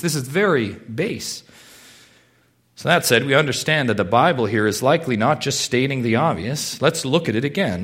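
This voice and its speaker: A man pastor preaching a sermon in a church, swinging from hushed, low moments to loud, urgent pleading.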